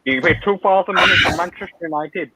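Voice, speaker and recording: A young man, a guest pundit in heated football banter, ranting loudly and with strong opinions. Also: sits high, a loud crowd. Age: young adult. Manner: loud, ranting, opinionated, quick asides. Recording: tinny dry phone-line audio.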